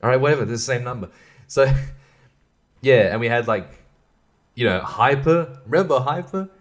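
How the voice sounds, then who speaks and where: A man's voice: mid-range voice, expressive, moderate pace. A man hosting a podcast, rambling casually with profane, exasperated rants. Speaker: podcast host.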